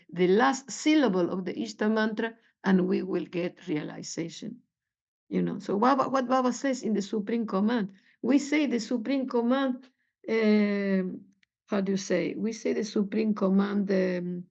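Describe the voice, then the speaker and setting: A woman giving a meditation lesson, halting and searching for words with many fillers. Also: medium pitch, creaky, a little mellow. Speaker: spiritual teacher. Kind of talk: meditation teaching talk. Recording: dull lo-fi recording.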